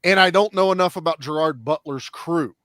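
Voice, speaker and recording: A man in casual chat, reviewing a film with blunt, profane and animated talk. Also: fairly high pitch, fairly quick, no room sound, clean studio sound.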